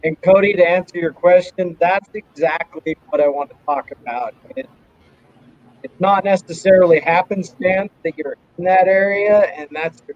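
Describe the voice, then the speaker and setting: In a casual podcast chat, an enthusiastic male host calls his guest brother, speaking at a moderate pace in a high voice. The sound is a bit dull, with faint noise.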